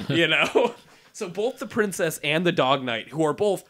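Man, podcast co-host, casual chat, lively swooping pitch, slightly high voice, profane, acts out characters. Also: normal speed. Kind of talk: casual chat recapping a manga.

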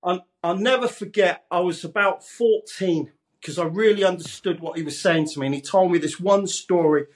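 High-voiced chatty English man. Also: moderate pace. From Leeds, England. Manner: chatty, laughs often, calls everyone mate. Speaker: guest, radio presenter. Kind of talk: casual interview chat.

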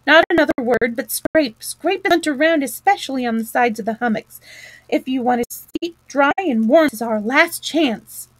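Woman playing a brisk, impatient water rat. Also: on the high side, darkish tone, no room sound, poor audio. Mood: stern. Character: bustling, impatient male water rat, practical.

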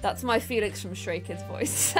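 A woman's voice: medium pitch, unhurried, music in the background. A young woman hosting a casual gaming live stream, bubbly and giggly, chatting to her viewers and co-op friends. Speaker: streamer and host.

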